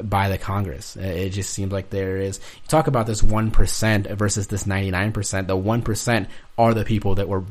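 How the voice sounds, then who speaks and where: Young man, lowish voice, casual podcast talk, halting delivery with frequent restarts. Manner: halting, restarts often while searching for words.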